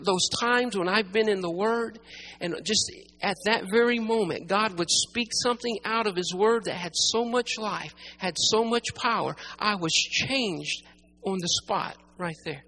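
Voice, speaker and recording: Gravelly, bright-voiced emphatic preacher. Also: medium pitch, slight background noise, rough recording. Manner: emphatic, repeats key phrases, swings from loud to hushed. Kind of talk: sermon.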